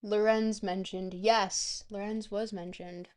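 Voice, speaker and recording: A woman streamer chatting casually to her viewers, rambling between bites and filling pauses with ums. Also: medium pitch, level tone, darkish tone.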